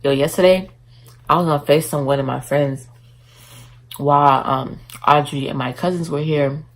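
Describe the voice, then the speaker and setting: A woman's voice: low voice, fairly even intonation, normal speed, rough recording. A woman chatting casually in a mukbang vlog at home, talking while she eats. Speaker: vlogger. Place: indoors at home, in her bedroom.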